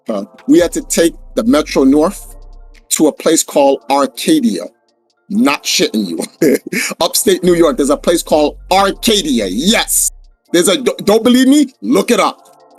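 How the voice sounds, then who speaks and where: A high-pitched man spins a story on a casual podcast. His voice jumps all over the place and has a husky edge. He keeps swearing and acting out everyone he quotes. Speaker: podcast guest telling a story.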